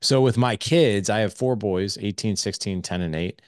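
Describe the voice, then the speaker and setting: A man's voice: on the low side, moderate pace, dry recording, clean studio sound. A man in his forties, a parenting coach on a podcast, talking casually and with energy, acting out bits of dialogue as he goes. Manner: energetic, acts out quoted dialogue; casual, swears lightly. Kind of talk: casual interview conversation.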